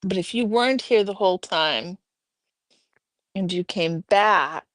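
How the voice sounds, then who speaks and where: Here a livestream host talks at a measured pace in a medium-pitched, slightly bright voice, captured in a dry recording. Casually chatting from home, she reads viewer comments and greets chat members and her pets by name.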